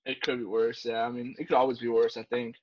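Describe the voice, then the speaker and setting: A man's voice: medium pitch, little pitch movement, fast talker, no room sound. A man co-hosting a podcast, rambling through a story with lots of fillers and swearing. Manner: rambling, many fillers and swears, says dude and bro. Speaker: podcast co-host, Navy corpsman. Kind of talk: casual profane storytelling chat. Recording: dull, dry podcast recording.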